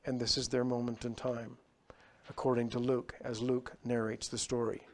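A man preaching a sermon, swinging between loud, raised passages and quiet, lowered ones. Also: flat delivery, normal speed. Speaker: pastor.

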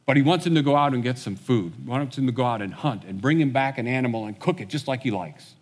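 A man preaching a sermon, retelling a story in a relaxed conversational way and acting out the characters' lines. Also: medium pitch, quick pace, husky, long reverb tail. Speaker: pastor.

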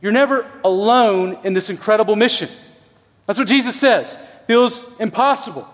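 A middle-aged man preaching a sermon as pastor, telling stories in an earnest, conversational way with emphatic pauses. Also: sits high, expressive, fairly bright tone, long reverb tail.

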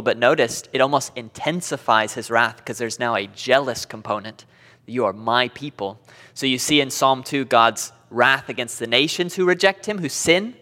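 A man teaching a Bible lesson, with an animated way of reading scripture and small laughs between passages. His voice has a middling pitch and carries a long hall reverb, as if he is speaking in a church hall.

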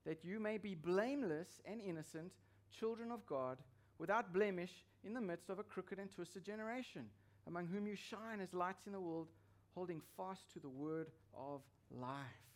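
A man's voice: high voice, moderate pace, hardly any pauses. A man preaching a sermon as pastor, emphatic and repeating his key phrases for weight.

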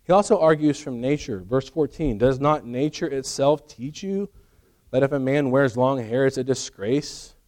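A man's voice: mid-range voice, moderate pace, a little mellow. A middle-aged man preaching a sermon in a conversational way, with joking asides to the congregation. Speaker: pastor.

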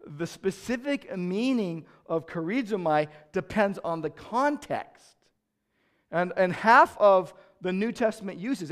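A male pastor preaching a sermon, repeating key phrases and building to passionate peaks. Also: high voice.

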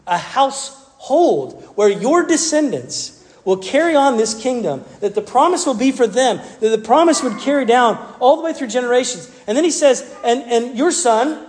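A male pastor giving a sermon in an animated way, often repeating words and restarting phrases. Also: extremely high pitch, normal speed. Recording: long reverb from a large hall.

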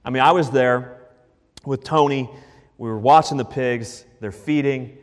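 A rattled herdsman, put on by a man in a lowered voice, rushing through a wild story in a folksy, breathless way. It sounds like it was recorded in a large hall with a long reverb. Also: lightly acted.

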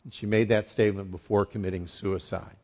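A pastor preaching a sermon, emphatic, repeating key phrases and rising for emphasis. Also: male voice, low-pitched, fairly even intonation, brisk, creaky, darkish tone, highs cut off.

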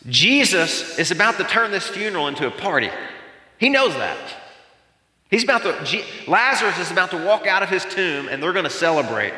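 Bright-voiced male pastor preaching in a hall. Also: on the high side. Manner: expressive preaching with dramatic pauses and rhetorical questions. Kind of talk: sermon. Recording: reverberant hall.

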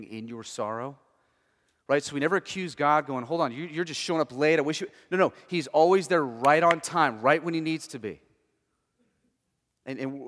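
A man preaching a sermon as pastor, conversational, moving between hushed and emphatic. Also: medium pitch, in a large hall.

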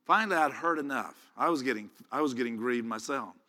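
A man's voice: mid-range voice, a little fast, pushed and bright, big-room sound. A man preaching, retelling a personal story in a folksy, rambling way full of restarts. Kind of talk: storytelling sermon.

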